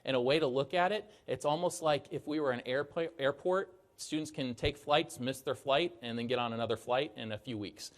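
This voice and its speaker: A man's voice: mid-range voice, fairly quick, few pauses. Upbeat man presenting at a conference. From Arizona, United States. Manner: upbeat, joking, emphatic opening. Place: conference hall stage.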